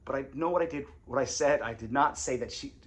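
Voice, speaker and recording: A man's voice: mid-range voice, fast. A man and former congregation elder telling his story in a casual, confessional way, rambling and repeating phrases.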